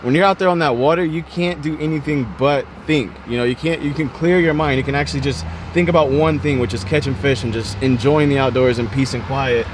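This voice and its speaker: A man's voice: medium pitch, fairly even intonation, fairly quick, hardly any pauses. A laid-back young man vlogs about fishing outdoors in a casual, friendly way. He peppers his talk with "man" and "bro." Faint outdoor and traffic noise sits behind him. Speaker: fishing vlogger. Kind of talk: casual vlog chat.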